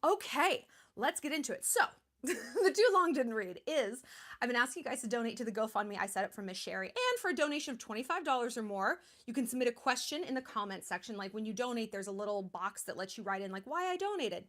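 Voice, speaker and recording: A woman's voice: fairly high pitch, very animated, fast, fairly bright tone. A woman in her thirties hosting a charity livestream, talking in a chatty, blunt way with lots of fillers. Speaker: livestream host. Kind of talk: casual livestream talk.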